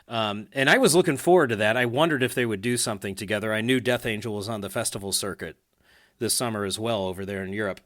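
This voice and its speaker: A man's voice: mid-range voice, a bit bright. Man, podcast host, casual chat, chatty, laughs easily, lots of fillers.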